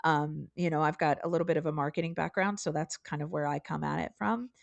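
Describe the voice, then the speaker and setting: A woman's voice: low-pitched, fairly even intonation, quick pace, creaky, dry recording, dull audio. A woman co-hosting a podcast, talking earnestly and emphatically in casual political discussion. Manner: earnest, emphatic, pleading at times. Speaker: podcast co-host.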